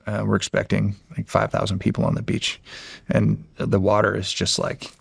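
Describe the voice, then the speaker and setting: A middle-aged man from the United States, a former Navy SEAL, telling a story in a casual, halting way with many restarts. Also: on the low side, monotone, no room sound, clean studio sound. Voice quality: gravelly, husky voice.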